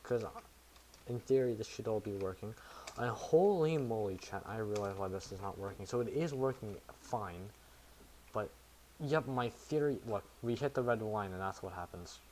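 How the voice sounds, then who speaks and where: A man's voice: lowish voice, normal speed, mellow, a little hiss or hum. A man talking his chat through his code in casual live commentary, thinking aloud and making self-mocking asides. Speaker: programmer streaming to chat.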